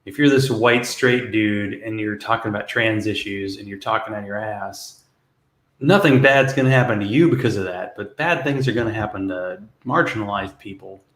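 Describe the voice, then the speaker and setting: A man co-hosting a casual podcast, rambling and hedging, with soft laughs. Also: lowish voice, normal speed. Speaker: podcast co-host. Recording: echoey room.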